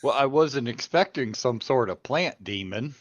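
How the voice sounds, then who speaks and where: A man's voice: mid-range voice, lively intonation, a little slow, no room sound, highs cut off, pitched above the performer's own voice. A man voicing a brash, scruffy human hired guard who speaks blunt and offhand.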